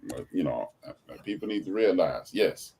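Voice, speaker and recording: A man from Chicago hosting a podcast, talking in a casual, animated way as he tells stories. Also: low voice, normal speed, gravelly, breathy edge. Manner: animated storytelling with quoted voices. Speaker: podcast host.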